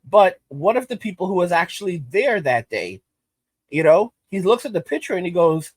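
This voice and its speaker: A man's voice: sits high, sing-song, normal speed, slightly rough, no echo. Emphatic ranting man, dry close mic. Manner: emphatic, repeats phrases, frequent restarts. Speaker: channel host. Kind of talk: ranting commentary.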